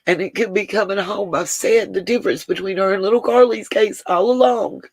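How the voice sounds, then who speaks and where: A woman's voice: mid-range voice, a little fast, dry recording. Woman chatting on a livestream. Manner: talks to chat viewers by name, Southern "y'all". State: emotional, close to tears. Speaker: livestream host. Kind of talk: casual livestream chat.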